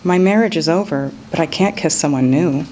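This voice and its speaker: A woman's voice: sits low, a little fast, darkish tone, a little hiss or hum, natural voice, low-quality recording. Woman reading as a guarded, witty young actress. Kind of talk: reading a novel excerpt aloud.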